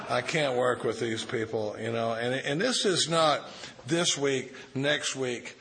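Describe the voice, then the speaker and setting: A man's voice: medium pitch, slow, crowd noise. Folksy man explaining a recovery text. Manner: folksy, profane, reads a passage then riffs on it. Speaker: recovery group speaker. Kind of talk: informal talk on a recovery text.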